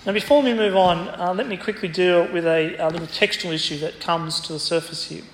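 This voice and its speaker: A man's voice: high voice, steady tone, brisk, a little hiss or hum. A man preaching an expository sermon in a church, teaching through a Bible passage and quoting it with emphasis. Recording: echoey church hall, faint ambience.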